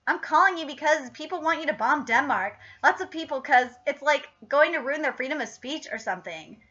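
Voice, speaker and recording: A woman's voice: high-pitched, expressive, a little fast, sharp tone, highs cut off. A woman putting on a pushy, goading grown man in a dismissive tone.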